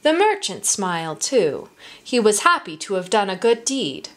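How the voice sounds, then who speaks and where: Slow, expressive woman reading to children. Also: medium pitch, slight background noise. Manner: slow, expressive read-aloud for small children. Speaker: story time reader. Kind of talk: reading a children's storybook aloud.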